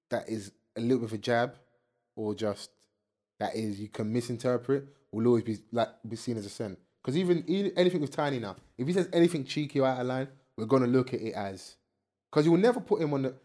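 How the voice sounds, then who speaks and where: A young man, co-hosting a casual chat and talking in lively, slang-filled bursts. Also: medium pitch. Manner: animated, slangy, talks over his co-host. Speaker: podcast co-host. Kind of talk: casual chat about UK rap beefs.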